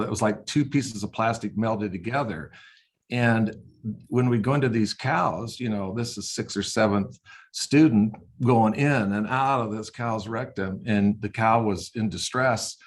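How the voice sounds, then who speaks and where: Man, older, veterinarian, low voice, casual anecdotes, playful sound effects. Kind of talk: casual storytelling.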